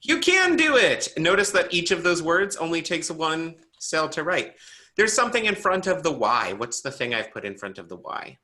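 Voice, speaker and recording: A man teaching a braille class online, explaining step by step in a playful, animated way and quizzing his students. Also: on the high side, moderate pace.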